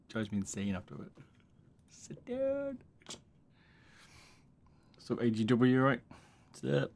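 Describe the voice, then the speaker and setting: A man's voice: lowish voice, unhurried, long pauses. Laid-back man muttering on a livestream. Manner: relaxed, muttering asides and chatting to his cat. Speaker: streamer. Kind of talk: casual livestream chat while building a keyboard.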